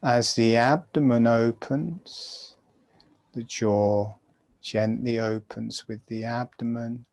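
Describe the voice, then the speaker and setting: A man slowly guiding listeners through a breathing exercise in a soft, calm voice. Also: medium pitch, vocal fry. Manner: slow, soft-spoken, calm guidance. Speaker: breathwork teacher. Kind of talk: guided breathing instruction.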